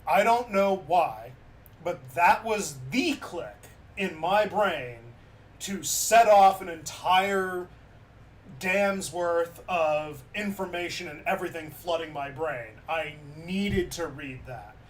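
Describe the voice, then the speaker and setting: A man with a high voice chats casually to his stream, retelling a story in a loose, animated way. He sits a little back from a distant mic. Faint noise hums behind him. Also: slow pace. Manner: animated, loose with many fillers.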